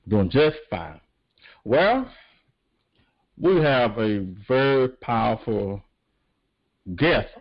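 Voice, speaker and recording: Slow-talking radio host man, muffled. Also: fairly low pitch. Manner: hype-style introductions with long drawn-out lines. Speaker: radio talk show host. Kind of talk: casual talk radio hosting. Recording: dull lo-fi sound.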